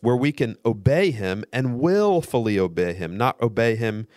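A man guest-hosting a radio show, giving an earnest, measured theological teaching talk that builds through repetition. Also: mid-range voice, lively intonation, darkish tone, no echo, studio quality.

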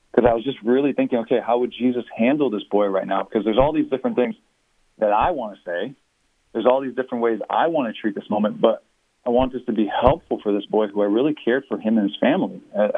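A pastor in an interview, explaining his views earnestly and at a measured pace. His voice sits fairly low. It comes through a thin, tinny phone line with no room sound. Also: dry recording. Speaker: pastor and author.

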